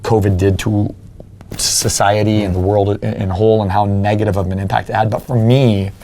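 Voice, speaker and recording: Earnest low-voiced man telling his story. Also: little pitch movement, moderate pace, dark tone, slight background noise. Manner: earnest, acts out remembered dialogue. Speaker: podcast guest, fitness coach. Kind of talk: personal storytelling in an interview.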